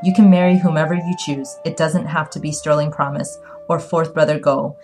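A woman's voice: low voice, flat delivery, a little fast, darkish tone, soft background music, natural voice. Woman voicing a stern authoritative old father. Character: stern older male father, authoritative and proud.

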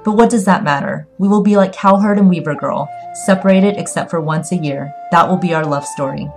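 Give me a woman voicing a smooth, soft-spoken young man, low and measured, for an audiobook. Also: faint music behind, natural voice. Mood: dismissive. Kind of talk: audiobook reading.

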